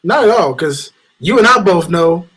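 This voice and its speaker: A man guesting on a casual wrestling review chat, laid-back and chuckling, who often chimes in with quick agreement. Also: sits high, animated, fairly bright tone, husky, low-quality recording. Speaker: guest co-host.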